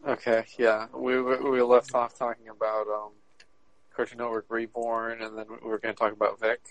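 Flat-voiced podcast man, hedging. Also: mid-range voice, no room sound, rough recording. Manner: measured, hedging. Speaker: podcast co-host. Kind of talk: casual chat.

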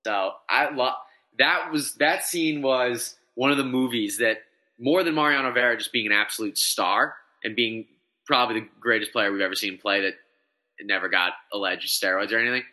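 A man talking sports on a podcast, with a strikingly bright, sharp tone. He rambles with excitement, restarting sentences as his thoughts run ahead. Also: medium pitch, moderate pace. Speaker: podcast co-host. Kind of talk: casual sports chat.

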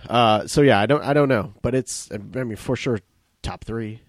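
A man's voice: medium pitch, moderate pace, dry recording, clean studio sound. A man co-hosting a film podcast in casual chat, hesitant and laughing easily. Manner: hesitant, lots of fillers and restarts, laughs easily. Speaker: podcast co-host.

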